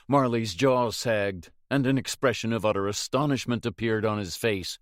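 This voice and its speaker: A man narrating an audiobook in a measured, dramatic reading. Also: fairly low pitch, no echo, studio quality.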